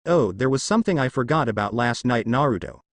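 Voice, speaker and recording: A man voicing a calm, businesslike ninja father explaining plans in a measured way. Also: mid-range voice, no room sound, lightly acted. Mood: serious.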